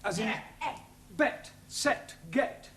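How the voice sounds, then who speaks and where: A man's voice: sits high, expressive, a bit bright, slight background noise, heavily acted. Give me a patient, dry-humored male teacher. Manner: patient and wry, explaining slowly.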